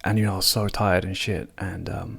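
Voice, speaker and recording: A young man casually telling a story as a podcast co-host, laughing, swearing and putting on higher voices for quotes. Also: fairly even intonation, brisk, creaky, fairly bright tone, husky. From England.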